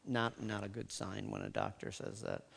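A man telling a personal story, speaking haltingly with fillers and restarts. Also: on the low side, huge pitch swings, creaky. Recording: long hall reverb.

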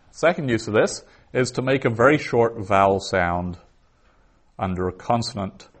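A man teaching a Hebrew lesson, explaining slowly and thinking aloud with frequent restarts. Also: on the low side. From the West. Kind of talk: lecture on Biblical Hebrew.

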